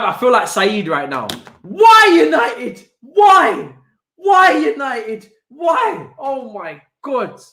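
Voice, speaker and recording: Man, football watch-along host, lively exasperated rant, roomy echo. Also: sits high, gravelly. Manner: animated, exasperated ranting with slang.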